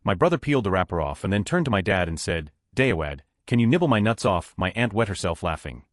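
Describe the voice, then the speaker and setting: A man reading short online stories aloud as scripted narration, with a flat delivery that lifts at each story heading. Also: sits low, fast, no room sound, studio quality.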